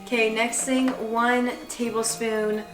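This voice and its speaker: A woman's voice: fairly high pitch, flat delivery, slow, over music. A young woman chatting casually and self-deprecatingly while she bakes in her kitchen, rambling as she goes. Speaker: vlogger. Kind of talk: casual baking vlog chat. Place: home kitchen. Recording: roomy kitchen, mic at a distance.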